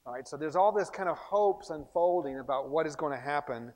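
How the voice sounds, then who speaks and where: A man teaching a recorded series on scripture in an animated, emphatic way, often restarting his sentences. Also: a little high, brisk, long reverb tail. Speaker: bible teacher.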